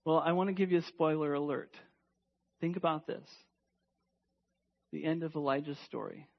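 A man preaching a sermon emphatically, asking rhetorical questions and dropping to a hush at times. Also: on the high side, normal speed, vocal fry, dull audio. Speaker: pastor.

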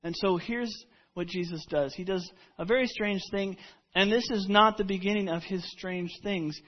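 Man, pastor, casual storytelling sermon, high pitch, muffled lo-fi audio. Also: normal speed. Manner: conversational storytelling preaching with frequent restarts.

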